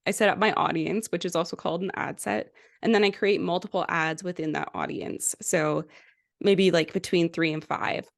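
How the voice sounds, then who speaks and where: A woman guest on a podcast, explaining advertising in a relaxed, conversational way with lots of fillers. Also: fairly low pitch, moderate pace, vocal fry. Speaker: guest, ad specialist. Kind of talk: casual interview chat.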